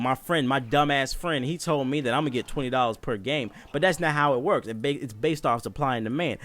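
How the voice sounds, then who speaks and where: A young man telling a comedic story casually, animated and profane, laughing as he goes. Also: mid-range voice.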